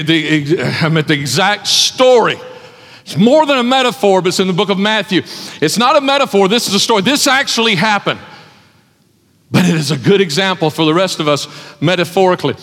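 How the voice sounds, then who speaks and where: A man's voice: high-pitched, brisk, fairly bright tone. A man preaching a sermon as pastor, emphatic, repeating his phrases for effect. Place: church hall with an audience. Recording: long hall reverb.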